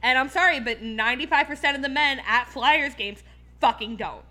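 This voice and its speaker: A woman's voice: high voice, moderate pace, pushed and bright. A woman from Philadelphia hosting a casual podcast chat, ranting with heated profanity and many fillers. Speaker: podcast host.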